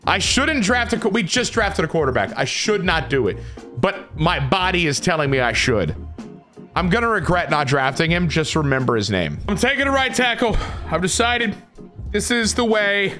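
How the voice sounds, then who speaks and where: A man commenting on his own video game play, excitable and dramatic, swinging from shouts to groans. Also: fairly high pitch. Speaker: gaming YouTuber.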